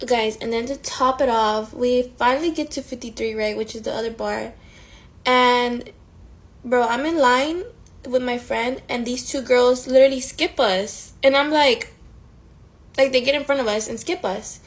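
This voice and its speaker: A woman in her twenties telling a storytime in a casual, animated way, swearing often and full of fillers. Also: sits high, moderate pace, rough recording. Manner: profane, animated, frequent fillers.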